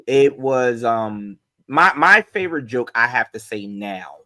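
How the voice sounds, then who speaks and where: A man's voice: mid-range voice, measured pace. A man from New Jersey, a comedian guest telling stories in casual chat and acting them out with sound effects. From Newark, New Jersey. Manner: animated, acts out his stories with sound effects.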